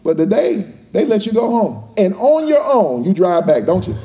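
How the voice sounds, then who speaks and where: A man's voice: high voice, very animated, moderate pace, warm tone, a little hiss or hum. A man giving a fired-up motivational speech to a live audience, using call-and-response and acting out voices. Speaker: motivational speaker.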